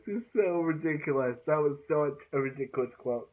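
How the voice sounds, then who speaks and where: A man's voice: fairly high pitch, brisk, few pauses, a little mellow, dull audio. A man casually recapping TV fight scenes, rambling with filler words and sound effects. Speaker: show recap vlogger.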